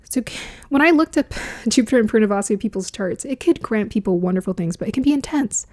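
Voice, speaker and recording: A woman astrologer talks through the coming year in a loose, musing way. Her voice is warm and mellow, and she laughs often. Now and then she drops into a whisper to stress a point. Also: a little high, lively intonation, brisk. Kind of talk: casual spiritual talk to camera.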